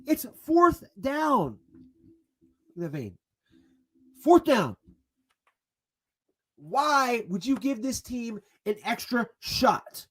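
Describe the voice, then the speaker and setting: A man ranting angrily as a football fan, swearing and bursting into shouts between sarcastic retellings. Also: very high-pitched, sing-song, very slow, pauses often, husky. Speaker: sports vlogger. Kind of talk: angry fan rant.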